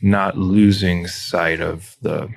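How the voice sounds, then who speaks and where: A man's voice: low-pitched, little pitch movement, slow, gravelly. A man talking candidly in a casual interview about running his business, reflective and often quoting his own thoughts. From Montana. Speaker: business owner guest.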